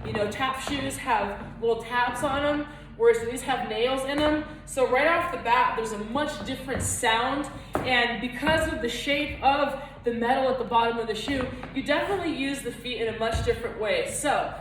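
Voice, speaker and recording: A woman's voice: a little high, moderate pace, background noise. A woman teaching a flamenco footwork lesson, explaining technique and counting beats aloud as she dances. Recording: echoey room, far from mic, loud music.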